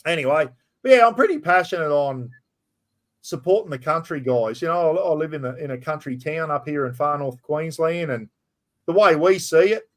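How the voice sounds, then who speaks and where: A man's voice: fairly high pitch, animated, moderate pace. A middle-aged man with an Australian accent hosts a casual live-stream chat, talking bluntly and chattily, swearing freely and calling people mate. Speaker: livestream host.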